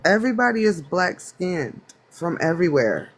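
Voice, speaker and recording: A man from the United States speaking on a phone in a live online panel debate, halting and hedging, with many restarts. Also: sits high, sing-song. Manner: halting, full of restarts and self-doubt. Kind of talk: casual debate.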